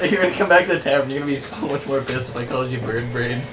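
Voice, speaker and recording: A man's voice: mid-range voice, fast talker, reverberant, noisy background. A man playing a tabletop game who keeps teasing and joking with the others. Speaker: player. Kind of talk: casual tabletop game chat.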